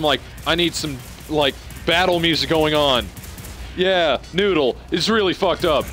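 Excitable swearing young gamer guy. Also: on the high side. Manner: excitable, swearing, reacting out loud. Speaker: gameplay streamer. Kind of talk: live let's-play commentary.

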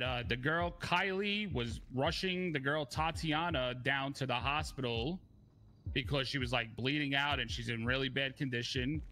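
A man's voice: medium pitch, bright, forceful tone. A man in a gang roleplay, firmly questioning and laying out what happened. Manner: firm, questioning, lays out the facts. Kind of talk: in-character roleplay confrontation.

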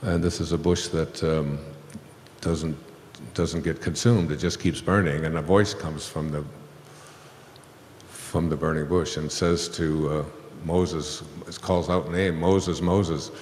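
Deep-voiced man in an echoey hall. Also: steady tone, takes it slowly, darkish tone, slight background noise. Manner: rambling, with many fillers and chuckles. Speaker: speaker on stage. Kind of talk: spiritual talk, storytelling. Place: hall with an audience.

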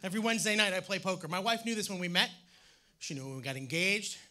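A man from Maine performing a loud, animated stand-up set on a theater stage. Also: high-pitched, fast talker. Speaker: stand-up comedian. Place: theater stage with live audience.

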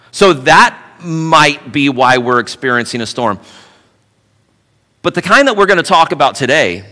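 A male pastor preaching in a church sanctuary, his voice bright and forceful. He talks in an animated, conversational way and drops in playful asides. The sound rings with the long reverb of a large hall. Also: mid-range voice. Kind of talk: sermon.

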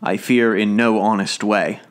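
A stern old gentleman speaks with hard, grieving suspicion, as a man reading a storybook puts him on. His tone is clipped and heavy, the voice of a proud father weighed down by loss. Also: lowish voice, fairly even intonation, unhurried, clean tone, natural voice. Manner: angry then sorrowful.

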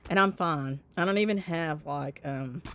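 A woman's voice: deep voice, moderate pace, a little hiss or hum. A woman in her fifties telling a long personal story in casual chat with her viewers, laughing often and answering their comments by name. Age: 50s. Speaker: host of a stitching channel.

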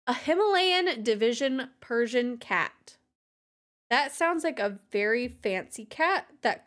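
A woman's voice: a little high, a bit bright. A woman streaming a game, chatting casually with her viewers, giggling and cracking crude jokes. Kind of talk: casual livestream chat while playing.

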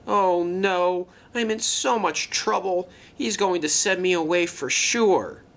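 A man's voice: a little high, big pitch swings, a little slow, pushed and bright, exaggerated voice. Guy doing a scared little engine, stammery, jumpy, voice climbing way up. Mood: panicked. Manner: stammering, panicky. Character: young male tank engine, nervous and jumpy.

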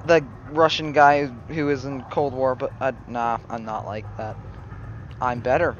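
A man giving let's play commentary, excitable, swinging between low mumbling and sudden yells. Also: moderate pace, highs cut off, soft background music. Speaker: gaming channel host.

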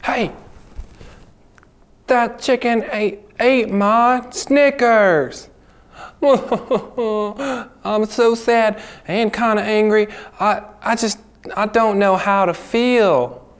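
A man voicing an eager young boy puppet in a children's church skit, earnest and apologetic and quick to get upset. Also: a little high, darkish tone.

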